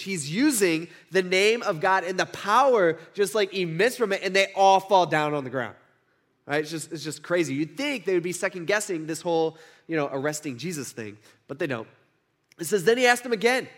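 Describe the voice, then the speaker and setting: A man teaching a Bible passage in a casual, conversational way, full of fillers and quick "right?" check-ins. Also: sits high, fairly bright tone.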